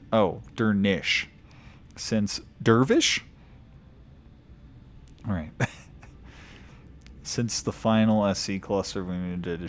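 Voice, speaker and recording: A man's voice: on the low side, darkish tone. A man streaming a video game, reading lore aloud in a casual way, stumbling over odd names and chuckling.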